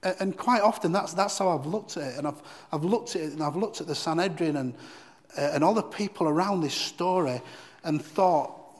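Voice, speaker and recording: A man's voice: a little high, moderate pace, long reverb tail. A man giving a devotional Bible teaching in an earnest, emphatic way, often repeating key phrases.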